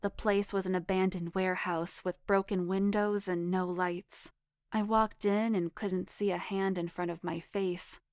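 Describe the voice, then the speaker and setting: Slow, dry-voiced woman narrating a story. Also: mid-range voice, level tone, no echo. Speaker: story reader. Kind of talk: first-person erotic story narration.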